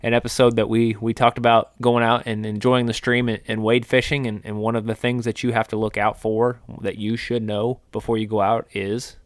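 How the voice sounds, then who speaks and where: A man's voice: lowish voice, flat delivery, a little fast, few pauses, no room sound, studio quality. A middle-aged man, co-hosting an outdoors podcast and explaining at length with frequent restarts and fillers. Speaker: podcast co-host, wildlife biologist. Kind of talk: casual podcast chat.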